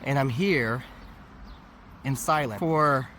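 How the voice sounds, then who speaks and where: A man's voice: mid-range voice, slow, a bit bright. A worn-out man recovering from a cold tells a candid, reflective personal story in a casual vlog. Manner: candid, reflective, laughs at himself. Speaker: vlogger. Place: outdoors near a convention area. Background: faint traffic noise.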